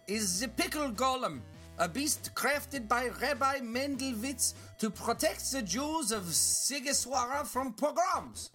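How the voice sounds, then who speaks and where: A performer voicing a scheming woman pickle boss with a German accent who speaks in slow, grand pronouncements. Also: sits high, pushed and bright, voice pushed up, exaggerated voice. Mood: grandiose.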